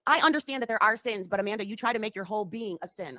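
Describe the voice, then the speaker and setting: A woman's voice: medium pitch, very fast, bright, forceful tone, no room sound. A woman on a livestream, heatedly accusing someone and swearing. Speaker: livestreamer in a clip. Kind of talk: confrontational livestream rant. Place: home.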